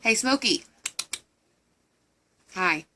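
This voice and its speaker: A woman's voice: on the high side, expressive, drawn-out words, sharp tone, slight background noise. A woman at home talking baby talk to her cats in a casual, cooing way. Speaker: vlogger, pet owner.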